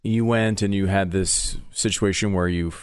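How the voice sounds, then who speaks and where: A man's voice: deep voice, steady tone, moderate pace, clear, resonant tone. A man co-hosting a radio talk show, casually asking the host questions. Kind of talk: casual on-air chat.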